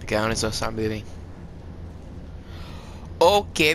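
Male gaming commentator, excitable and rambly, bright tense tone. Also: lowish voice, a little slow, vocal fry, long pauses, slight background noise. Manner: excitable, rambling, swears and laughs often. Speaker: gaming video creator. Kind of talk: live gameplay commentary.

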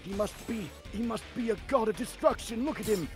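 A man's voice: high-pitched, a little fast, close to an everyday voice. A man voicing a fretful old alien god who panics and teases during video game play. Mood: panicked. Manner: panicky and teasing. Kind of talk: voice acting over gameplay. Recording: music playing behind.

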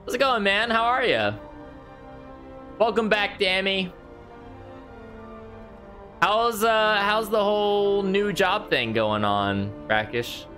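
Man with a bright, slow, lively voice. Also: sits high. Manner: crude, sarcastic and profane. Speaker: let's play host. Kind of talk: casual game commentary. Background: game music.

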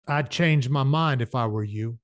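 A man reading aloud voices a menacing hired gunslinger who taunts with soft-spoken menace. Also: medium pitch, moderate pace, no echo, lightly acted.

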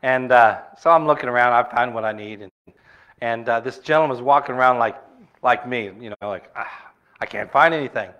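A man's voice: medium pitch, a little fast, fairly bright tone, lo-fi sound. Middle-aged male pastor, medium voice, folksy sermon delivery with stories and questions to the room. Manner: conversational storytelling with rhetorical questions.

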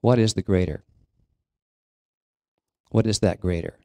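Speaking slowly to his congregation from a church sanctuary, a minister delivers a sermon marked by frequent pauses and restarted sentences. Captured up close with no echo and minimal room sound, his voice comes across as low and mellow.

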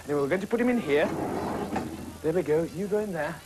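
A young man presenting a children's puppet show, talking in an animated, playful, exclaiming way. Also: on the high side, fast, noisy background.

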